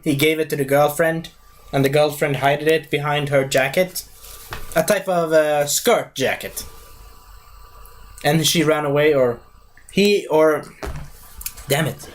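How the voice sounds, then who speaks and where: A man's voice: fairly high pitch, a little slow, pauses often. A man giving a casual spoken movie review, rambling, losing his thread and correcting himself as he goes.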